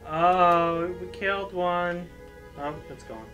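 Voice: medium pitch, steady tone, slow pace, pushed and bright, highs cut off, soft background music. A gaming streamer giving jumpy, joking commentary on a horror game. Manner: jumpy, exclaiming, joking at the screen. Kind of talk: let's play commentary.

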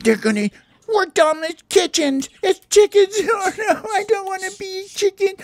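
A man voicing a frantic little parakeet in toy play, squeaky, shrill and excitable. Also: slow pace, creaky, dry recording, heavily acted. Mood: panicked.

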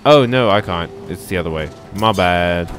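A man casually commentating a game as he plays, reacting out loud and chatting to his viewers. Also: low-pitched, expressive, normal speed, faint music behind. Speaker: game streamer. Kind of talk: casual let's-play commentary.

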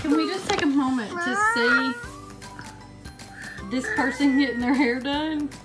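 A woman's voice: high voice, a little slow, loud music behind the voice, a loud crowd. A woman joining her family's story time as the mother, encouraging her child and asking questions about the pictures. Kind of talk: casual family chat.

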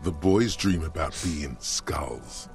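A man giving scripted narration as the inner voice in a game, sardonic and measured. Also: very deep voice, animated, faint music behind, heavily acted.

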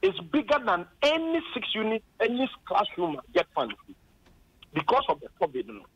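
A Ghanaian man phones in to a radio talk program, indignant and passionate as he relays his quarrels with officials. His voice sits high and swings widely in pitch. It comes through husky and dry, flattened by a muffled phone line. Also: normal speed, no echo. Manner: impassioned, indignant, retelling arguments. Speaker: caller, former district chief executive.

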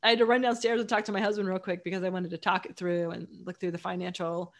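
A woman's voice: fairly low pitch, little pitch movement, fast talker. A woman author as a guest, chatting casually and enthusiastically in long run-on sentences. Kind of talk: casual chat.

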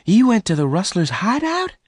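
A man voicing a gentle, sad young woman who speaks softly and pleads. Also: mid-range voice, animated, moderate pace, no room sound, clean studio sound, voice pushed up, natural voice. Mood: alarmed. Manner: raised, soft pleading voice.

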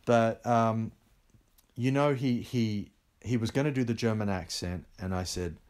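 Man, film director, low-pitched, candid, chatty, many fillers. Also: unhurried. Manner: animated, candid storytelling with frequent fillers. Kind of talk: conversational interview.

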